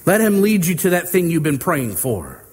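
A man preaching a sermon, slow and deliberate, with dramatic pauses between phrases. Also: on the high side, big pitch swings, slightly rough, big-room sound.

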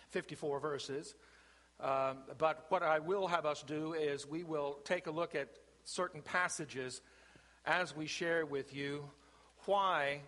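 A man preaching a sermon from the pulpit, with slow, emphatic phrasing and deliberate pauses. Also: a little high, pushed and bright. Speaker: pastor. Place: church sanctuary. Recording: long reverb of a church sanctuary.

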